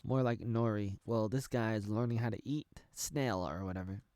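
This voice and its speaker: A man's voice: fairly low pitch, normal speed, a little mellow, no room sound, clean studio sound. A man in his thirties from the United States giving a rambling, jokey reaction commentary while watching a show. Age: 30s. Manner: rambling, jokey, thinking aloud. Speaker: reaction video creator.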